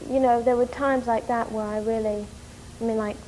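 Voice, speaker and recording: Brief: woman from New York, fairly high voice, excitable casual storyteller, faint hiss in a quiet room. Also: poor audio. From New York, USA. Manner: animated, rushing and excitable, with many fillers. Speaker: interviewee.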